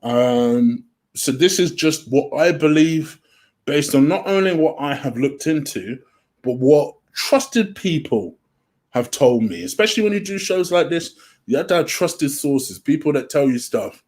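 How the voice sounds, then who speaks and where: A man's voice: a little high, animated, a little slow, darkish tone. Guy doing a rumour show from home, rambly and chatty, keeps saying um. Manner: chatty, easily sidetracked, says "um" and "from my understanding" a lot. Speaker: transfer rumour show host. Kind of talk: casual solo commentary. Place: home room.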